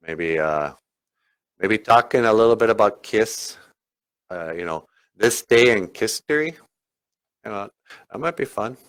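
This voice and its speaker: A man's voice: lowish voice, fairly bright tone. Jokey, rambling male podcast host. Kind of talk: comedic podcast banter.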